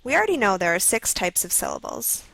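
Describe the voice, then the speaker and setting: Gravelly woman narrating a reading lesson. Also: medium pitch, very animated, a bit bright, dry recording, rough recording. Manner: slow, clearly sounding out letters. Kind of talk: scripted instructional narration.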